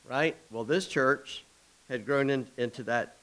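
A man's voice: mid-range voice, fairly bright tone, low-quality recording. Folksy man preaching a sermon. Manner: folksy storytelling, quick asides, chuckles. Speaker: pastor.

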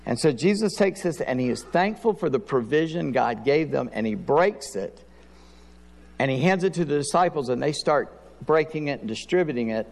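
A middle-aged man preaches in a folksy, storytelling way, acting out bits of dialogue. His voice sits a little high and has a gravelly edge. It rings with the long reverb of a church hall. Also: lively intonation, normal speed. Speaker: pastor. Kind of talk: sermon.

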